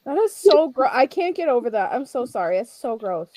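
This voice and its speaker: A woman's voice: sits high, very animated, a little fast, warm tone, poor audio. A woman co-hosting a casual podcast, blunt and joking with profanity. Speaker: podcast co-host.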